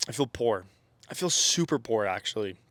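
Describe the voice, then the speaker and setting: A man's voice: lowish voice, lively intonation, moderate pace, fairly bright tone, dry recording. A man with stuffy sinuses giving a casual motivational vlog monologue, rambling with lots of fillers and self-corrections and checking in with "okay?" and "right?". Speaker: self-improvement content creator.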